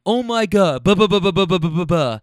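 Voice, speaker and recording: A man voicing a blunt, foul-mouthed woman in her sixties who rants loudly. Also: fairly low pitch, animated, brisk, no echo, clean studio sound, lightly acted. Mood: ranting. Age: 60s. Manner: ranting, swearing, blunt.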